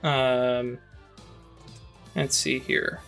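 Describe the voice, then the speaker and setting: A man running a tabletop game over a voice call, talking slowly with lots of fillers and restarts. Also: medium pitch, level tone, creaky, fairly bright tone, soft background music. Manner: slow, halting, many fillers and restarts. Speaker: game master.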